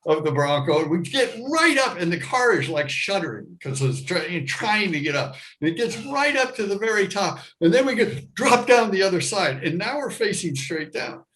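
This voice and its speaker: Middle-aged american guy telling a story live, kinda high voice, gets loud and acts out the people. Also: normal speed, few pauses, rough recording. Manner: animated, acts out his younger self and others with loud high shouts.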